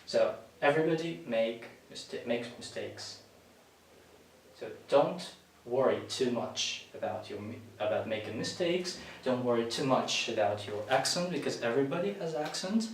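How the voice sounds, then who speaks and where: A man's voice: medium pitch, lively intonation, moderate pace. Man, native russian speaker, exam tutor, very echoey room, distant from mic. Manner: instructive, with frequent restarts and self-corrections. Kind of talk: spoken exam-prep lesson. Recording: very echoey room, far from the mic, faint hiss.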